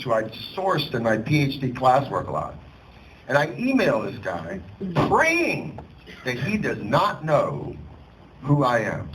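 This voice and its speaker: A man, an actor guest at a screening Q&A, telling a comic anecdote in a theatrical, animated way. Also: mid-range voice. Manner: theatrical, animated, acts out voices. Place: screening venue. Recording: noisy live event recording.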